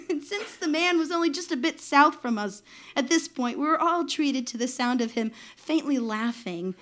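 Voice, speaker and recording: A woman in her thirties tells a personal story from her own life, her voice sitting high in pitch. She talks in a wry, self-deprecating way. Laughter keeps slipping in between her lines. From New York.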